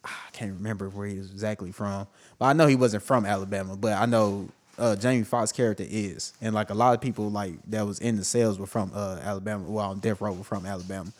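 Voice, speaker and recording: A man with a slightly low voice, co-hosting a podcast in loose, easygoing chat. He rambles and fills gaps with "uh" and "like" while he works out his point. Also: fast. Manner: relaxed, rambling, with filler words. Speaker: podcast co-host. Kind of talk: casual chat.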